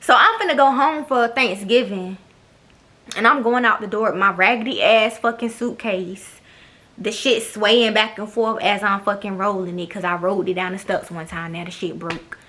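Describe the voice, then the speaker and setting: A woman's voice: medium pitch, moderate pace, sharp tone. A young woman, telling a blunt, profane storytime to her camera. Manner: blunt, profane, sassy, mimics others. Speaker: vlogger. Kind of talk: casual storytime monologue.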